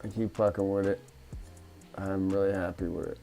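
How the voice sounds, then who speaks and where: Gravelly, low-voiced man rambling at his workbench. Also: fairly even intonation, moderate pace, warm tone, faint music behind. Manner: rambling, profane, talks to himself while tinkering. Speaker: FPV drone hobbyist. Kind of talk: casual workbench chat. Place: home studio workshop.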